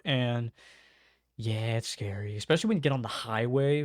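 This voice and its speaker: A man's voice: mid-range voice, a little mellow, dry recording, clean studio sound. A man casually reacting to memes at his home microphone, swearing freely and chuckling often. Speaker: meme reaction host. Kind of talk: casual meme reaction commentary. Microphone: own desk microphone.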